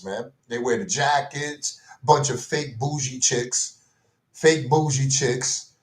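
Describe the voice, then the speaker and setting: A man's voice: a little high, roomy sound. A man ranting casually in slang, repeating himself and tossing in "man" and "bro" as he vents his exasperation. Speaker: commentary vlogger. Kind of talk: casual rant.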